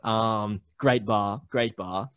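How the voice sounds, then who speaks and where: A man's voice: lowish voice, fairly even intonation, takes it slowly, fairly bright tone, smooth, no room sound, muffled recording. A young Australian man in a casual remote interview, telling stories with lots of fillers and restarts. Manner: chatty storyteller with many fillers and restarts. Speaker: podcast network founder, guest. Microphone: remote call recording.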